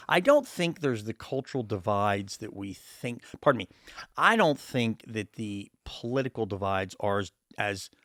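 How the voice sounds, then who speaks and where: A man hosting a podcast interview, chatting casually and telling animated stories with acted-out voices. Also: on the low side, no echo, clean studio sound. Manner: animated storyteller, acts out voices in anecdotes. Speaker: podcast host.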